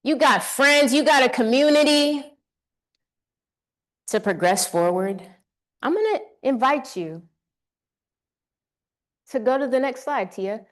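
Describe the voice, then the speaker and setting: High-pitched woman giving a slow keynote. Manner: energetic, leads audience call-and-response. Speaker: keynote speaker. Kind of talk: motivational keynote speech. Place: conference hall stage.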